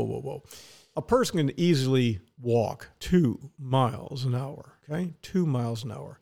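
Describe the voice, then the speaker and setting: A man's voice: on the high side, creaky, darkish tone. A man hosting a podcast, giving blunt, sarcastic, folksy commentary on his own. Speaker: podcast host. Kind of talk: opinionated solo commentary.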